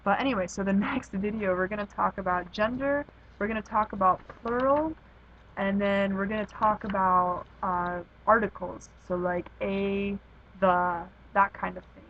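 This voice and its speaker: A woman's voice: medium pitch, lo-fi sound, a little hiss or hum. A woman tutor giving a casual recorded lesson, talking informally and thinking aloud with fillers and restarts. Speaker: Spanish tutor.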